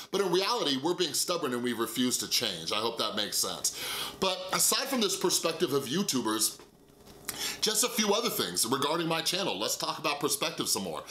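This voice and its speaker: A man's voice: on the high side, bright, forceful tone, reverberant. A man with a nasal voice talking casually and earnestly to camera in a mental health vlog, full of fillers and asides.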